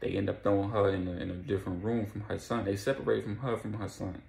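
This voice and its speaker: A man's voice: fairly low pitch, steady tone, fast, vocal fry, a little mellow, reverberant. A man telling a story casually, with slang, profanity and repetition.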